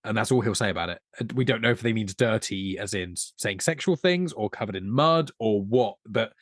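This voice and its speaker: A man's voice: fairly low pitch, lively intonation, a little fast, no echo, studio quality. A man co-hosting a podcast, discussing a film in an earnest, analytical way and talking at length. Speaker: podcast co-host.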